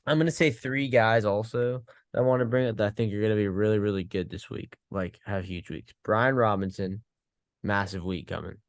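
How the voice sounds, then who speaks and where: Low-key self-deprecating man, low voice. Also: fairly quick, dry recording, studio quality. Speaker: podcast co-host. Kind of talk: casual chat. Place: dark home room.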